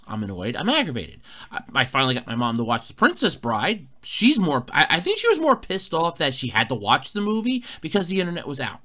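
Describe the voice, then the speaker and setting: A man's voice: medium pitch, sharp tone. A man hosting a casual solo podcast, telling an exasperated, swearing story, recorded in a borrowed room at a fire company. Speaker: podcast host.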